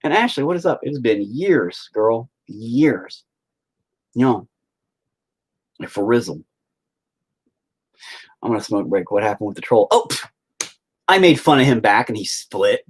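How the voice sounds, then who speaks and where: A young man chats casually on a live stream, crude and joking as he rambles to his viewers. His pitch swoops widely and now and then jumps into loud, high exclamations. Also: big pitch swings, a little slow, pauses often, breathy edge. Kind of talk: casual chat.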